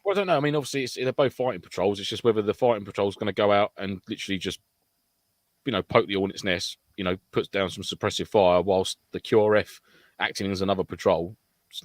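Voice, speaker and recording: Low-voiced British man, fast chat. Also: no echo. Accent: British English. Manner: animated, swearing, acts out quotes in silly voices. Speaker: podcast co-host. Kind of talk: casual chat.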